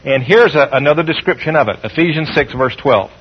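A fairly high, husky male preacher delivers a call-and-response sermon. He slows down and rises when reading scripture. The sound is dull and lo-fi, like an old radio broadcast. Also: expressive.

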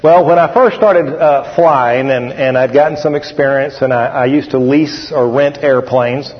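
A man's voice: medium pitch, steady tone, moderate pace. A middle-aged man preaching a folksy sermon. He tells a story, repeats phrases and calls on the congregation to answer. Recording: dull echoey hall recording.

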